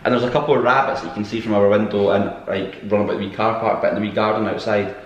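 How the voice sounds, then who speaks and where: A man's voice: fairly low pitch, steady tone, rapid-fire, highs cut off. A man co-hosting a podcast at home, chatting casually and teasing, with many restarts. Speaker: podcast co-host. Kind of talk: casual chat. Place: room at home. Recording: roomy echo.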